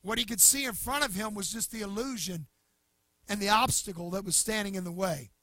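Man, pastor, sermon, very high pitch, emphatic, loud-to-hushed swings. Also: a little fast, dry recording.

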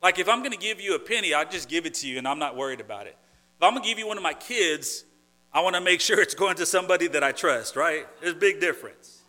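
Bright, earnest man preaching a sermon. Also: a little high, expressive, fast. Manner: earnest, repeats and restarts phrases, rising to emphatic points. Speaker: pastor.

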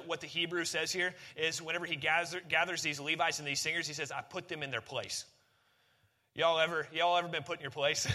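A man's voice: a little high, pushed and bright. A man preaching a sermon, conversational and emphatic, often repeating key phrases. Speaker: pastor.

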